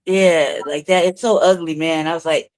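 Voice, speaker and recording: A woman co-hosts a news talk show from her own room, chatting casually and telling stories full of profanity and frequent laughter. Her voice is deep with fairly even intonation, she talks at a normal speed, and there's no room sound.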